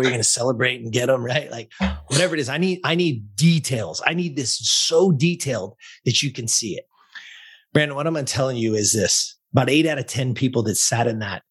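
A man working as a fitness and life coach, telling a story in a podcast interview in a blunt, profane, energetic way. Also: medium pitch, husky.

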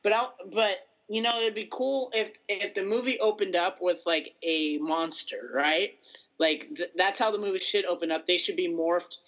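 A man's voice: high-pitched, moderate pace, fairly bright tone, lo-fi sound. A man co-hosting a podcast in casual chat, talking hesitantly and filling his speech with "like" and "um". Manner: hesitant, full of "like" and "um". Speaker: podcast co-host.

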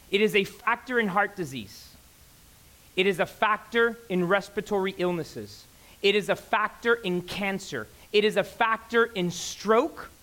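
A man in his thirties preaching a sermon in church, emphatic and excitable, repeating phrases for effect. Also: sits high. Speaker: pastor. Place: church sanctuary.

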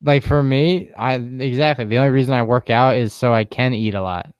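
A man in casual, profane chat, dry and quick-witted. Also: medium pitch, steady tone, clear, resonant tone, no room sound.

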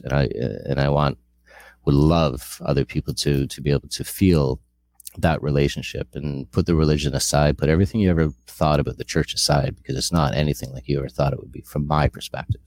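A man's voice: very deep voice, fairly even intonation, normal speed, gravelly, a little mellow. A middle-aged man sharing a candid personal testimony, earnest and rambling with frequent restarts.

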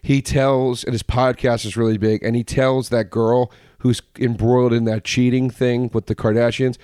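A man co-hosting a casual comedy podcast, talking fast and loose, swearing freely and slipping into quick impressions. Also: mid-range voice, flat delivery, darkish tone, clear, resonant tone, no echo, studio quality. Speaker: podcast co-host.

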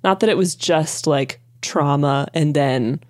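A woman's voice: low-pitched, unhurried. A woman co-hosting a podcast, chatting casually and joking about a movie, laughing often. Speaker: podcast co-host. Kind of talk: casual chat reviewing a movie.

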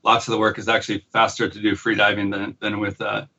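An American man with a halting, restart-filled manner, talking as a guest in a casual interview. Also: lowish voice, monotone, sharp tone. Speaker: guest, pearl diver and surf photographer. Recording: dull lo-fi audio.

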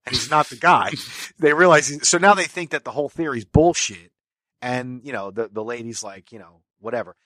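A man's voice: mid-range voice, sharp tone, dry recording. A man co-hosting a casual podcast chat, rambling and swearing, often trailing off and restarting his sentences. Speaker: podcast co-host.

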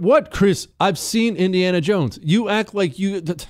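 A man's voice: sits high, measured pace, dry recording. A man hosting a talk radio show, delivering a mocking monologue full of rhetorical questions into a close studio mic.

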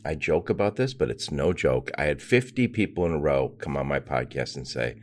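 A man's voice: a bass voice, lively intonation, brisk, few pauses, a little hiss or hum. A man hosting a podcast, chatty and enthusiastic, who laughs often as he asks questions. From United States. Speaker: podcast host. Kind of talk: casual interview chat.

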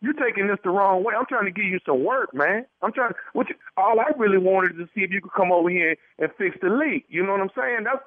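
A man's voice: sits high, lively intonation, fast, hardly any pauses, no room sound. A man making a radio prank call, stammering and playing dumb. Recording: tinny phone line.

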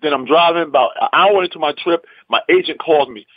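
A man's voice: fairly high pitch, brisk, narrow, tinny audio. A male comedian from the US East Coast telling an anecdote in punchy bursts, often tossing in "man". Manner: animated, punchy, repeats "man". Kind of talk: storytelling anecdote.

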